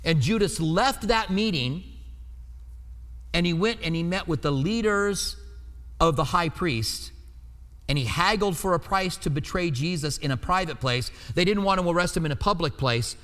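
A man with a notably high voice delivers a teaching sermon. He keeps it conversational and often checks in with the room. His words ring out with a long reverb in a church hall. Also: moderate pace, fairly bright tone. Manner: conversational, asks the listeners to check in. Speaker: preacher.

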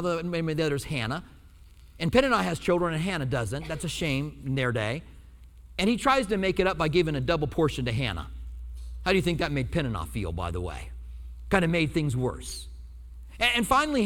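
A male pastor preaching a sermon in a church, telling stories with humor and acting out quotes. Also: fairly high pitch. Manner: animated storytelling preacher, acts out quotes with humor. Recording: long hall reverb.

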